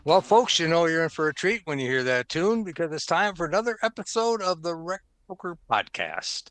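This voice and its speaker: A man's voice: a little high, very animated, a little fast, fairly bright tone, faint music behind. A man hosting a podcast, chatting casually and reading the show intro in an upbeat way, laughing often. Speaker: podcast host.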